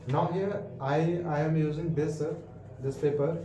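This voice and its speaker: A man with an Indian English accent teaching a physics lesson, halting and repetitive, asking the class questions. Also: fairly high pitch, fairly even intonation, dark tone. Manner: halting, repeats words and restarts, asks questions. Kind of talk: classroom lecture. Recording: echoey room with faint background hiss.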